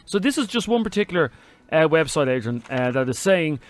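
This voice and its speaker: A man's voice: on the high side, big pitch swings, brisk, no echo, soft background music. A man co-hosting a radio talk show, teasing and opinionated. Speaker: radio co-host. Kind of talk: casual chat.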